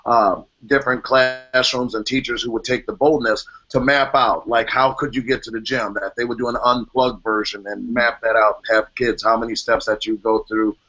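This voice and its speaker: A man's voice: medium pitch, flat delivery, moderate pace, few pauses, bright, forceful tone. A man moderating an online panel in a casual, chatty way, joking and laughing often. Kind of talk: casual video-call chat. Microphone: video call. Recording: dull lo-fi video call audio.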